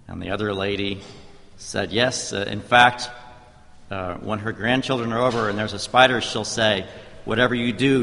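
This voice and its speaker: A middle-aged man preaching a sermon in a church, praying and telling stories in a measured, conversational way. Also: on the low side, creaky, a bit bright, a little hiss or hum. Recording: reverberant church hall.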